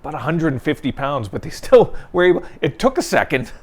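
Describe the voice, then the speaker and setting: A man with a voice on the high side, big pitch swings, and a fairly quick pace co-hosts a local newspaper talk show. Chatting casually, he tells stories and laughs a lot.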